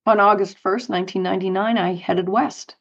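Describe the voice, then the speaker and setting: A middle-aged woman from Colorado, a guest telling animated anecdotes in an interview with light laughs. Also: medium pitch, a little fast, dull audio. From United States, Colorado. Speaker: guest, author and speaker. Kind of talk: storytelling interview.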